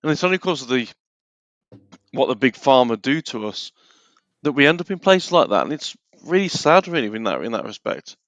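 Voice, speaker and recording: A man's voice: mid-range voice, very animated, fairly quick, fairly bright tone, dry recording. A man in a casual talk show, chatting with hesitant restarts and apologising freely. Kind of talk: casual chat.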